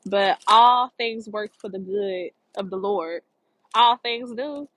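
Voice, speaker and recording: A woman's voice: medium pitch, takes it slowly, fairly bright tone, dry recording, low-quality recording. A woman talking outdoors by the water in a park, giving earnest spiritual encouragement and repeating phrases for emphasis. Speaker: motivational vlogger. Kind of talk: spiritual motivational talk.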